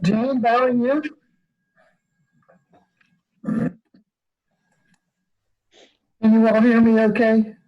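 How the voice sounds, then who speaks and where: A man's voice: very high-pitched, flat delivery, extremely slow, long pauses, dull audio. A man telling a joke in an easygoing way over a video call, chuckling as he goes. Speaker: community member telling a joke.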